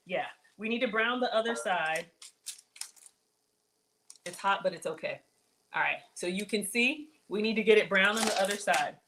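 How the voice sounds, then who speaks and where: A woman with a medium-pitched, slightly bright voice hosts a casual cooking livestream, chatting with viewers she calls "y'all" as she cooks. She gets flustered and keeps telling herself to focus. The recording is rough, with a little hiss or hum.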